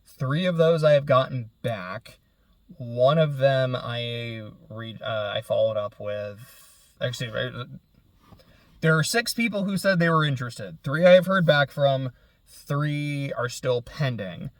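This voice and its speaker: A young man chatting casually on his own show, rambling and correcting himself often, his voice trailing off quietly at the ends of thoughts. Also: mid-range voice, a little slow, dry recording. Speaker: podcast host. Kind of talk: casual solo chat.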